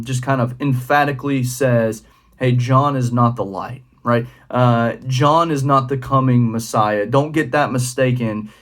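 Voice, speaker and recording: A young man giving a casual, conversational devotional talk as a youth pastor, with frequent fillers. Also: medium pitch. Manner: relaxed and conversational, with many fillers.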